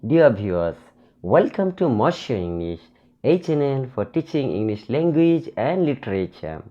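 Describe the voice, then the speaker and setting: A man teaching English pronunciation, dictating slowly and repeating words as he writes on a whiteboard. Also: mid-range voice, very animated, warm tone, lo-fi sound. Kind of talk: classroom lesson at a whiteboard.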